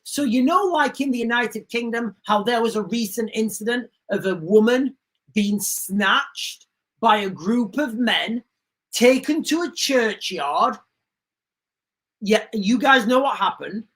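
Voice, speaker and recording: A woman's voice: on the high side, a bit bright, rough recording. A woman hosting a livestream, talking in an indignant, rambling way and often repeating herself. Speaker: livestream host. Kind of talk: casual livestream commentary.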